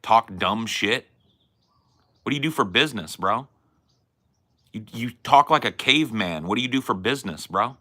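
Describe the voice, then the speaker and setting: Young male streamer, heated profane rant, tense bright tone. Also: on the low side, expressive, moderate pace, pauses often. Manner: combative, mocking and profane. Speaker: stream host arguing with chat.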